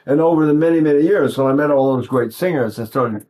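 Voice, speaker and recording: He talks fast, his voice on the high side with a dark tone. This older man from East Texas teaches singing with sung demos, in a folksy, rambling way with lots of restarts.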